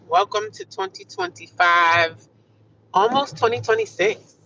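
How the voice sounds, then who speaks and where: A woman's voice: lowish voice, brisk, a bit bright, far from the mic, highs cut off, a little hiss or hum. Chatty woman vlogging from her car. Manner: chatty, upbeat, speaks in affirmations, says "honey" and "child". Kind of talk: casual chat. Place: car while driving.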